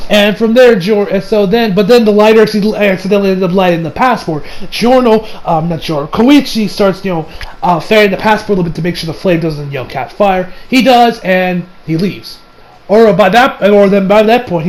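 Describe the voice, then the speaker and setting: A man's voice: high voice, darkish tone, rough recording. A man casually recapping an episode, rambling with lots of fillers and restarts and the odd swear. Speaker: anime reviewer.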